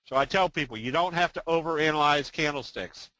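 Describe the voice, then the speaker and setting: An older man talks through a trading webinar in a loose, folksy way, full of fillers and little jokes. His voice is bright and forceful, with a dry close sound. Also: on the high side, fairly quick, few pauses, no room sound, low-quality recording. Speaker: trading presenter. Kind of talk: webinar presentation.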